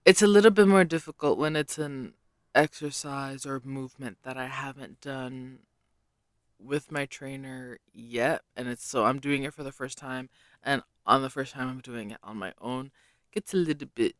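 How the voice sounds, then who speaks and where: A man's voice: mid-range voice, normal speed, dry recording, studio quality. A man hosting a casual solo podcast, rambling and self-deprecating with many hesitations. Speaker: podcast host.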